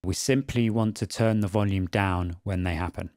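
A man narrating an audio production tutorial in a calm, methodical way. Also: sits low, normal speed, no echo, clean studio sound. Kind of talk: screen-recorded tutorial narration.

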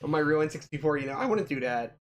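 A woman's voice: low-pitched, expressive, quick pace. A woman chatting casually on a live gaming stream, playful and giggly, often stammering and repeating herself. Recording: game music behind.

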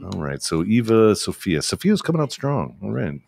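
A man's voice: fairly low pitch, very animated, moderate pace, gravelly, darkish tone, slight background noise. A man hosting a casual show, joking often and mocking himself. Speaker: host. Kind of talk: casual chat.

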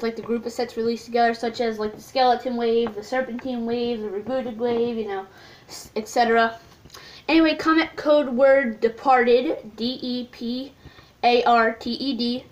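A woman hosting her channel, talking through a casual recap in a rambling way with many ums and restarts. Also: on the high side. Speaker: channel host. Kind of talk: casual video recap talk.

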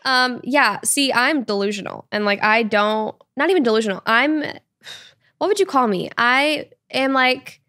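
A woman's voice: fairly high pitch, moderate pace, pushed and bright, no room sound, clean studio sound. A woman in her twenties, a guest on a podcast, chatting casually and rambling with lots of fillers. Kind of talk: casual chat.

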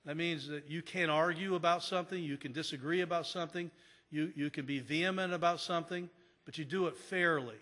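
A man's voice: fairly high pitch, steady tone, a little fast, sharp tone. Earnest man preaching in a reverberant church. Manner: earnest, repeats phrases for emphasis. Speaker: pastor. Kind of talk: sermon. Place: church sanctuary.

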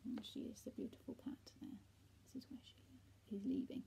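A woman teacher reading a bedtime story aloud, with soft, half-whispered asides to children. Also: a little high, huge pitch swings, moderate pace, creaky, poor audio.

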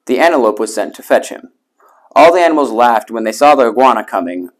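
A man's voice: medium pitch, animated, a little fast. A man reading a children's picture book aloud, adding spoken sound effects. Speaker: reader. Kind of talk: storybook read-aloud.

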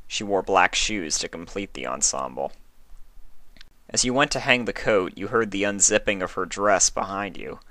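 A man narrating a story in audiobook style, calm and even. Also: sits low, moderate pace, dry recording. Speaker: story reader.

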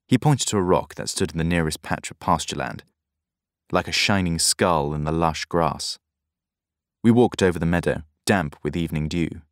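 A man reading a novel aloud in measured first-person narration. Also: low voice, dry recording, studio quality. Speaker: audiobook narrator.

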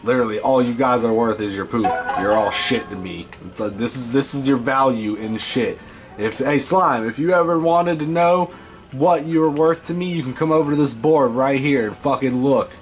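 A man's voice: medium pitch, moderate pace, soft background music. A man giving profane, scolding commentary while playing a video game. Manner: foul-mouthed, scolding the game creatures. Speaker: gameplay host.

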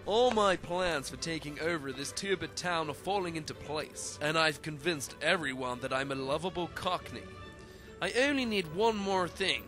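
A man acts out a smug, gloating schemer laying out his plan. His voice is a touch high and self-satisfied, with clear music playing underneath. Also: animated, moderate pace, close to an everyday voice. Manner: smug villainous monologue. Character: gloating small-town schemer plotting a takeover.

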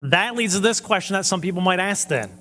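A man's voice: high-pitched, lively intonation, brisk, sharp tone, slight background noise. A man preaching a conversational sermon who often checks in with the audience and acts out quoted voices animatedly. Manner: conversational, asks the audience questions. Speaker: pastor. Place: church hall. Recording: long church hall reverb.

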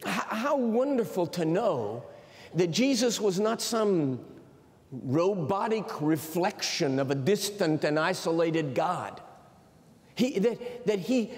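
Male preacher, high voice, emphatic storytelling, long hall reverb. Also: darkish tone. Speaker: university president preaching. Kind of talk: sermon.

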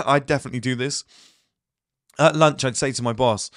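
A man's voice: mid-range voice, a bit bright, no room sound, studio quality. A man who says he is ill, giving a blunt motivational talk to his viewers and acting out little quotes along the way. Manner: blunt, rapid asides and acted-out quotes. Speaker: host. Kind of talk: motivational monologue.

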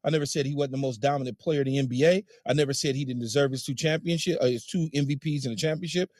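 A man's voice: medium pitch, steady tone, fast talker, a little mellow, dry recording. A man co-hosting a sports talk show, insistent and defensive as he argues his view. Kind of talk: heated studio debate.

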